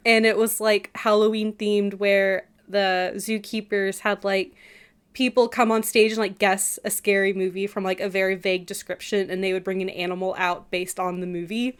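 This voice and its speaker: A woman's voice: medium pitch, level tone, normal speed, clear, resonant tone. A woman in her thirties co-hosting a podcast, telling casual stories with lots of filler words. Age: 30s. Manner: chatty storyteller, lots of "like" fillers. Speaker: podcast co-host. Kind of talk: casual chat.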